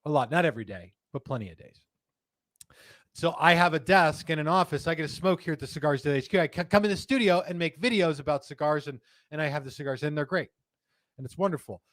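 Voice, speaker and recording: Man, live stream host, chatty, rambling, fairly high pitch, dry close sound. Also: quick pace, fairly bright tone, dry recording.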